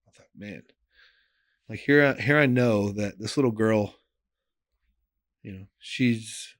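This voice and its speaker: A pastor speaks in a somewhat low male voice, recounting a story in an earnest, emotional way. His delivery is loose and conversational, full of "like" and "you know", and often sinks to near a hush. The sound is dry and close, with no room around it. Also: takes it slowly, dry recording. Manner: earnest and emotional, voice often drops soft and quiet. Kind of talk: personal storytelling in a podcast interview.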